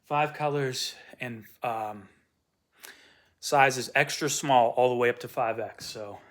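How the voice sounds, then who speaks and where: A man's voice: medium pitch, slow, fairly bright tone, no room sound. A man vlogging casually on a wooded hillside as he walks, talking in a loose, rambling way with restarts. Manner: rambling, casual, self-interrupting. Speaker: vlogger and punk musician. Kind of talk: casual walk-and-talk vlog. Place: outdoors on a wooded rural hillside.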